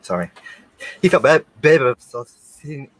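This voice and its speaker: A man co-hosting a podcast in casual chat, agreeable and quick with short remarks. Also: medium pitch, lively intonation, a little hiss or hum, poor audio. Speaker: podcast co-host.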